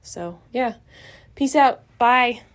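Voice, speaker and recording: A woman's voice: fairly high pitch, animated, takes it slowly. A young adult woman hosting a podcast, talking in a blunt, passionate, rambling way with many fillers, recorded outdoors. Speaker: podcast host. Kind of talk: casual monologue. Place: outdoors near a building.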